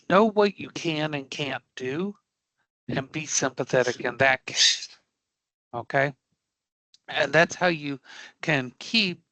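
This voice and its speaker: Bright-voiced, emphatic male instructor. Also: mid-range voice, no echo, low-quality recording. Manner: emphatic, checks in with frequent rhetorical questions; blunt and dismissive of angry customers. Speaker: career prep instructor. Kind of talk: live online class lecture.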